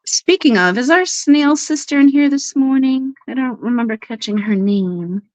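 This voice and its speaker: A woman hosting a casual live stream, bubbly and quick to laugh, who baby-talks to her pets while she chats. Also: sits high, animated, dry recording. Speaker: livestream host. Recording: dry, slightly dull livestream audio.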